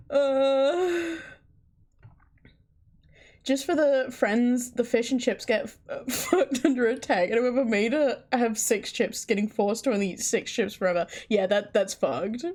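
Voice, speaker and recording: A woman streaming live who talks in an unhurried, drawn-out way, her voice sitting a little high. She chats casually with viewers, sounding incredulous and swearing freely. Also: a little mellow. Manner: chatty, incredulous, frequent swearing. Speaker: livestreamer.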